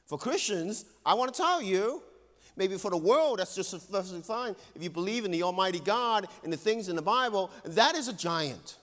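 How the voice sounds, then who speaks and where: A male pastor preaching a sermon with earnest emphasis, dropping to hushed tones and rising again. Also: expressive, normal speed. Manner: earnest, swings between loud emphasis and hushed low tones. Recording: long hall reverb.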